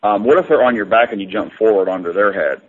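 A man's voice: fairly low pitch, quick pace, narrow, tinny audio. A man co-hosting a casual sports podcast, joking and offhand. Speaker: podcast co-host.

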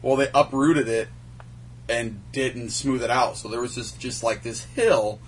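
A man's voice: mid-range voice, unhurried, distant mic. A man co-hosting a casual chat who tells stories from a night out, laughing as he goes. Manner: animated, laughing while telling stories. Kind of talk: casual storytelling among friends. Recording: crowd noise behind.

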